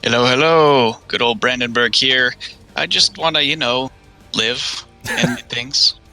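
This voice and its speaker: A man's voice: medium pitch, fairly even intonation, a little slow, sharp tone, faint music behind. A man playing a strategy game, giving coy, sarcastic denials over voice chat. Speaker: multiplayer game player. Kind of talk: joking voice-chat introduction.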